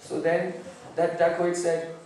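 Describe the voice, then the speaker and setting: Man telling a holy story at a sermon, high voice, mic far off in a big echoey room. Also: completely flat delivery, darkish tone. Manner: deliberate, vivid storytelling, sometimes breaking into song. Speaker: preacher.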